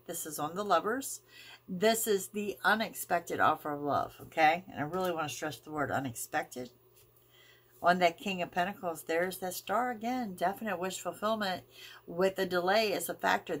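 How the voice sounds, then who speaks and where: A woman giving a weekly tarot reading as host, talking the viewer through each card in a reassuring, emphatic way. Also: on the low side. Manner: reassuring, emphatic, drawn-out phrasing. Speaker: tarot reader.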